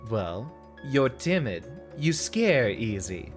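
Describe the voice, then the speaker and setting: A man voicing a sneering small-time male crook with a put-on Brooklyn accent, gruff and mocking. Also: medium pitch, very animated, slow pace, soft background music. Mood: condescending.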